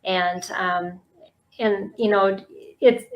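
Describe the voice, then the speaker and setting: A woman's voice: medium pitch, steady tone, drawn-out words, low-quality recording. Woman podcast host, thoughtful and rambling a bit, lots of um and restarts. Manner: warm, reflective, many fillers and restarts. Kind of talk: casual interview conversation.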